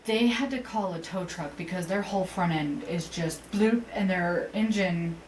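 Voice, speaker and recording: A woman's voice: on the low side, normal speed. A woman co-hosting a podcast, telling a story in casual chat and acting out the people in it. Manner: animated storyteller, acts out quotes, swears. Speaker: podcast co-host. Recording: distant mic with faint hiss.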